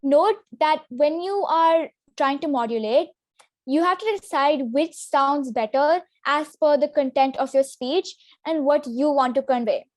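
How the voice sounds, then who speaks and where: A young woman presenting a public speaking lesson in a clear, instructive way. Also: sits high, unhurried, darkish tone, no echo, studio quality. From Singapore. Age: teenager. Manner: clear, instructive delivery with demonstration sentences. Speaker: student workshop presenter.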